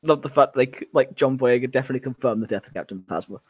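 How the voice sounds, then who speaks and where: Gushing, excited male podcast co-host. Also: mid-range voice, fast talker, slightly rough, no room sound. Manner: gushing, enthusiastic. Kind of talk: casual fan discussion.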